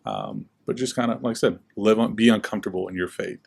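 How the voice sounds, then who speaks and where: Chatty young man with a lowish voice. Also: quick pace, gravelly, slightly rough. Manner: relaxed, chatty, acts out quoted voices with lots of "like". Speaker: guest speaker. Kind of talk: casual storytelling interview.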